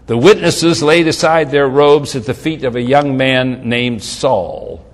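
A man delivers a sermon in a mid-range voice, speaking a little slowly as a long reverb lingers after his words. He expounds on scripture, reading it aloud with growing emphasis and dropping in casual side comments.

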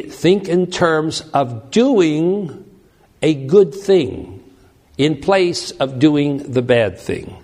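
A man teaching a sermon, reading scripture verses aloud and explaining them with frequent restarts. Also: a little high. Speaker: preacher.

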